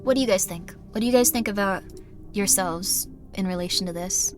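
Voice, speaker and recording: A woman's voice: medium pitch, a little fast, over music. A woman streaming a game live, talking to chat in a rambling, earnest and apologetic way.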